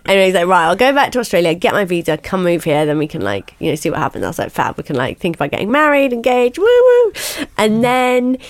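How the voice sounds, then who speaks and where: A young woman telling her own story frankly in a podcast interview, chatty and animated, filling her talk with "like" and the odd swear word. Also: lowish voice, fast talker, hardly any pauses, no room sound. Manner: chatty, animated, peppers speech with "like", swears casually. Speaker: podcast host, guest being interviewed. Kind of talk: candid storytelling.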